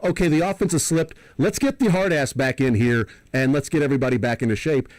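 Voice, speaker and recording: A man's voice: mid-range voice, fast, darkish tone, dry recording. A man co-hosting a sports radio show, thinking aloud in long, rambling analogies. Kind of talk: casual sports talk. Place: radio studio.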